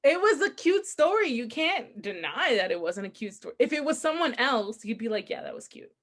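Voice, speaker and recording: A woman's voice: high voice, moderate pace. A young adult woman co-hosting a casual podcast, telling a story with lots of laughter and acted-out quotes. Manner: animated storytelling, laughs often, acts out quotes. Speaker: podcast co-host. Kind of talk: casual chat.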